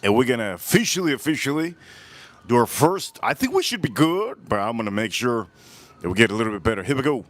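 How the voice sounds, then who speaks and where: A man hosting a casual live cigar review outdoors, just woken up, talking in a relaxed way, repeating himself and greeting his chat. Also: medium pitch, quick pace. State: groggy morning voice, just woke up. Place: outdoors, windy.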